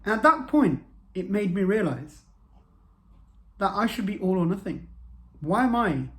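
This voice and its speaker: A man's voice: sits high, sing-song, a little slow, a bit bright. A man, telling a personal story to camera in an earnest way and repeating phrases for emphasis. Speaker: motivational vlogger.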